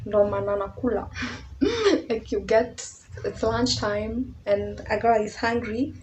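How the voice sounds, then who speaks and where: A woman's voice: fairly high pitch, expressive, slow pace, darkish tone, slight background noise, low-quality recording. A young woman with a Kenyan accent telling a casual storytime, chatty and mixing in Swahili slang. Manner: chatty, mixes English with Swahili slang, laughs often. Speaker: vlogger.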